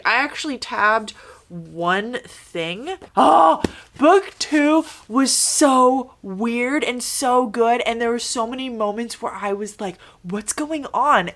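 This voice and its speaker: A woman's voice: medium pitch, a bit bright. A woman casually reviewing her favorite books for a vlog, gushing and chatty, with lots of "like" and "super". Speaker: book reviewer.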